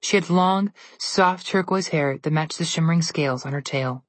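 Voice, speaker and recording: A woman reads a fantasy storybook aloud at a steady storytelling pace. Her voice is lowish and a little breathy. It is recorded dry and close with no room sound. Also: normal speed, no room sound. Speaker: narrator. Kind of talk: storybook reading.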